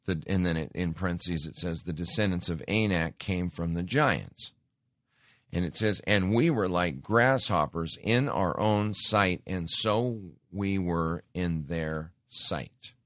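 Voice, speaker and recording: Low-voiced man preaching emphatically. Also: a little slow, fairly bright tone, no room sound, studio quality. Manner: emphatic, exhorting, addresses listeners as folks. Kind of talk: sermon with scripture reading.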